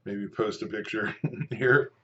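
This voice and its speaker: Man, 50s, low-pitched, casual eating vlog, rambling chat, dull lo-fi sound. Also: noisy background. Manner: rambling, chatty, with pauses to chew. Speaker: food and fitness vlogger. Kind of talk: casual talk to camera while eating.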